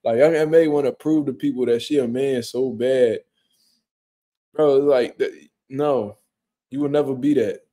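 A man's voice: mid-range voice, steady tone, measured pace, pauses often. A young man casually chatting on a livestream at home, reacting to viewer comments with loose, profane slang. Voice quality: profane, laid-back slang-heavy talk. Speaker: livestream host. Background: quiet room at home.

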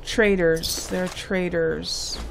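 A woman's voice: lowish voice, fairly even intonation, drawn-out words, gravelly, slight background noise. A woman hosting a let's play, giving gameplay commentary and thinking aloud with muttered asides.

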